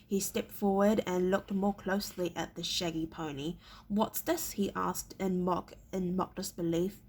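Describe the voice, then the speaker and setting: A woman reading a novel aloud in a halting way, often stumbling and repeating words. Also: lowish voice, fairly even intonation, darkish tone, breathy edge. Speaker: reader.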